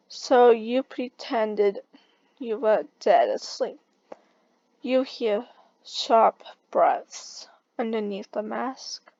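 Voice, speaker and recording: Slow, halting woman reading a story. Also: on the high side, gravelly, a little mellow, dry recording, highs cut off. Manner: halting, stumbling reading with restarts. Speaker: story reader. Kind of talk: reading a second-person fan story aloud.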